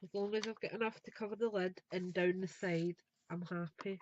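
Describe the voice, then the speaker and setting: A woman's voice: fairly low pitch, steady tone, fairly quick, a little mellow, lo-fi sound, slight background noise. A woman, chatting and thinking aloud as she demonstrates a craft project live. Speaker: craft tutor.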